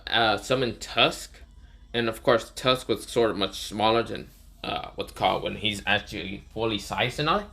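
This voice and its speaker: A man's voice: on the low side, vocal fry, bright, forceful tone. A man casually retelling a fan story, rambling with many fillers and self-corrections.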